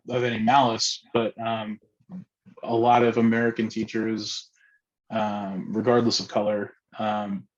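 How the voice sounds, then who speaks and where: A man's voice: mid-range voice, lo-fi sound. A man leading a casual group discussion, talking hesitantly with many fillers and restarts. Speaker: discussion facilitator.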